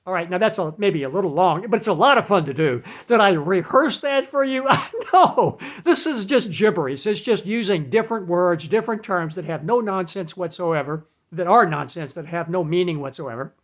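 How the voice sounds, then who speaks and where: A man giving casual advice in an animated, chatty way, laughing at his own jokes. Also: high-pitched, a little fast, hardly any pauses. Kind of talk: casual talk to camera.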